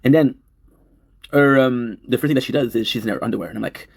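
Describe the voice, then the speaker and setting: Male, 30s, streamer. Rapid, rough-edged voice; rambling, emotional, profane confessional delivery. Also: mid-range voice. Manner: emotional, repeats himself, swears. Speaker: livestreamer. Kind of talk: rambling confessional livestream talk.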